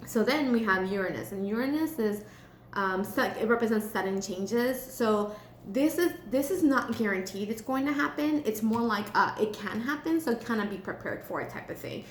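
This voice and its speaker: A woman's voice: on the high side, lively intonation, moderate pace. A woman giving a casual tarot reading for a star sign. She is chatty and blunt, with casual swearing. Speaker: tarot reader. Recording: echoey room with faint hum.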